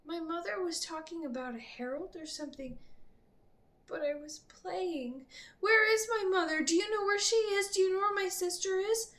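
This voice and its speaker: A woman doing a pleading little boy, high voice. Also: moderate pace, fairly bright tone, recorded from a distance. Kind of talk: storybook reading.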